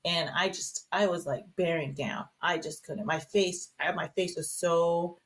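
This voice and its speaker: Chatty woman guest, lowish voice. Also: steady tone, measured pace. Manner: chatty storytelling, many fillers and restarts. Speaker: podcast guest. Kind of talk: casual podcast conversation.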